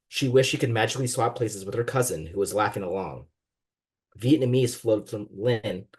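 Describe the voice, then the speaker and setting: A man's voice: fairly low pitch, husky. A man, a guest author, reading a passage of his fiction aloud with expression over a video call. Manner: expressive reading with quoted voices.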